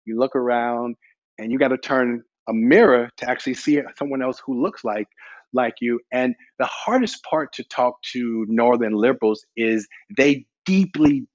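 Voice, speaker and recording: A man with a Southern American accent talks in an earnest, emphatic podcast conversation. His voice sits in the middle of the male range. The audio is a little muffled and dull. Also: medium pitch. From Southern United States. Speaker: podcast guest.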